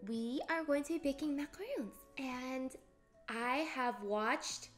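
A bubbly young woman streaming live, chatting casually and giggling as she greets her viewers by name. Her voice sits high and light, and she talks into a desk mic. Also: takes it slowly, faint music behind. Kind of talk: casual live-stream chat while cooking.

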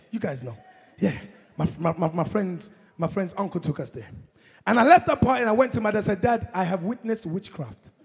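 A young man from Congo doing a stand-up comedy set, energetic, shouting punchlines and acting out his parents. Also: high voice, gravelly, breathy edge. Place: comedy concert stage. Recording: live show in a hall with long reverb.

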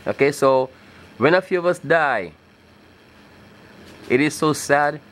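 A video blogger with a fairly bright, higher-pitched voice delivers an animated, slow-paced preaching monologue to his viewers. He's emphatic and insistent, often checking in with "okay?" and at times rising into scripture-like declamation.

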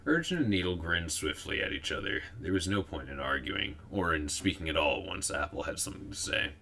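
A man reading a storybook aloud in a steady narrating voice. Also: deep voice, brisk, gravelly. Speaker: audiobook reader.

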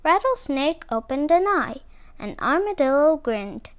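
A woman reading a picture book aloud to children, with expressive, animated storytelling. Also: sits high, a little slow, muffled recording.

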